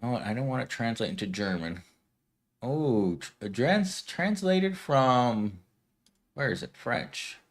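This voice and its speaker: A man in his thirties hosting a casual live stream at home, rambling and giggling as he answers viewer comments. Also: medium pitch. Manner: rambling and giggly, talking to chat. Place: at home, streaming without camera.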